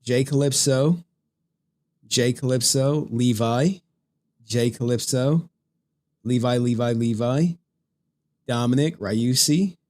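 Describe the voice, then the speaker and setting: A man's voice: medium pitch, takes it slowly, pauses often, a little mellow. Profane laughing male streamer. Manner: profane, laughing, rambling, reads super chats. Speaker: streamer host. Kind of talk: casual live-stream rant.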